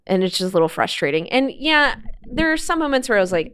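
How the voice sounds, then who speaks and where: A woman's voice: fairly high pitch, big pitch swings, quick pace, fairly bright tone, clear, resonant tone. A young woman talking casually as a podcast guest, chatty and laughing often. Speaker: guest, motorsport streamer. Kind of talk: casual interview chat.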